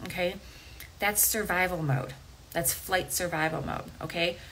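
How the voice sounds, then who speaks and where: Woman, low voice, podcast host, casual coaching talk, conversational check-ins, faint background noise. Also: steady tone, measured pace, fairly bright tone, rough recording. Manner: conversational, frequent "okay?" and "right?" asides.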